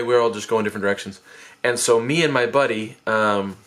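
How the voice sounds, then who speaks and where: A young man telling a personal story in a casual vlog, animated, jumping high and loud whenever he acts out a shout. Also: a little fast. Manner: animated, jumps high and loud when acting out his shouts.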